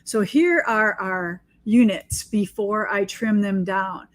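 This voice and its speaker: A woman's voice: mid-range voice, slow pace. A woman quilting teacher talking casually and enthusiastically while she demonstrates her sewing, joking about herself. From United States. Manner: chatty, enthusiastic, self-deprecating. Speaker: quilting teacher and shop owner.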